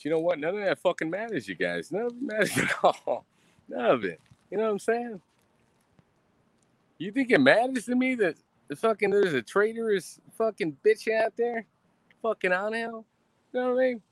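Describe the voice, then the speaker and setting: Profane swaggering streamer, lively swinging voice. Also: male voice, high voice, moderate pace, pauses often, dry recording. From Texas. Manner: profane, boastful, swaggering talk. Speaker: livestreamer. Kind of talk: casual rambling livestream rant. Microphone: streaming mic.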